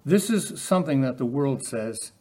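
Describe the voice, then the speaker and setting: A man's voice: mid-range voice, expressive, normal speed, warm tone, slightly rough. A man preaching a sermon in a conversational way, often putting rhetorical questions to his listeners.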